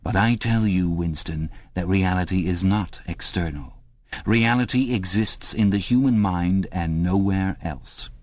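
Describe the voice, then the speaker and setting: A man reading an audiobook, voicing a cold, patient male interrogator who speaks slowly and lectures in measured tones. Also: sits low, darkish tone, no room sound. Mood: stern, lecturing.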